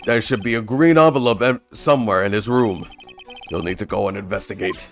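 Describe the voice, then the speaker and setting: A man's voice: lowish voice, fairly quick, faint music behind, close to an everyday voice. A man voicing a pompous, self-admiring detective in a game, delivered in a grand theatrical way. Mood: boastful. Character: pompous grandstanding male detective, middle-aged.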